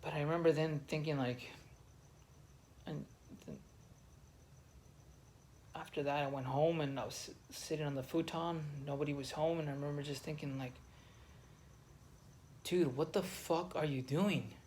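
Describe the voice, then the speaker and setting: A man's voice: fairly high pitch, steady tone, normal speed, pauses often, darkish tone, a little hiss or hum. A man who served in the army telling his own story in a raw, emotional monologue, swearing often and restarting his sentences. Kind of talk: candid personal monologue.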